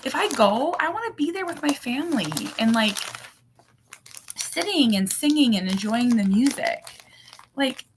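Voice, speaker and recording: A woman's voice: high voice, animated, measured pace, a little hiss or hum. A woman in her thirties or forties, a mother and channel host, chatting casually and animatedly on a livestream, full of fillers.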